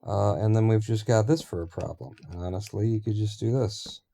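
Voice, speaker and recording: A man's voice: lowish voice, fairly quick, vocal fry, dark tone. A man streaming a building game, rambling and thinking aloud in casual talk with offhand swearing.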